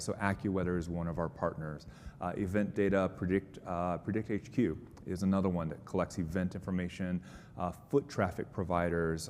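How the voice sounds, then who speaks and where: Guy presenter fielding questions at a conference, low voice, chatty and explaining stuff, big hall echo w faint rumble. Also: darkish tone. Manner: explanatory, upbeat, conversational. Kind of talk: conference Q&A answers.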